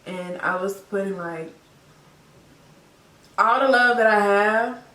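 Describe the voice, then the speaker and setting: Tearful young woman, slow and heartfelt. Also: mid-range voice, bright, forceful tone. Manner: heartfelt, tearful, repeats herself with many fillers. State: teary, crying. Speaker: vlogger, new mother. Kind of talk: emotional personal story to camera. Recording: echoey room, voice a bit far from the mic.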